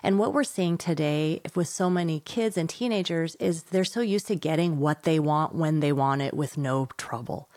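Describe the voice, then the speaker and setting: Lively woman author explaining parenting skills. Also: low-pitched, moderate pace, few pauses, no room sound, studio quality. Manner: energetic, laughs often, acts out kids' voices. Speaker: author and guest. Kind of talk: interview conversation.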